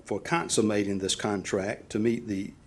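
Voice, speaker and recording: A man with a scratchy, fairly low voice speaks into a podium microphone in a county meeting chamber. He reads prepared remarks in a measured way, pausing to clear his throat. Faint room hiss sits under him. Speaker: resident addressing county board. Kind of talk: public comment at a meeting.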